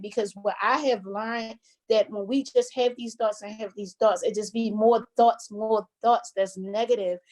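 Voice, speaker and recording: A woman's voice: medium pitch, darkish tone. A middle-aged woman hosting a casual motivational talk, speaking earnestly and conversationally and calling her listeners y'all.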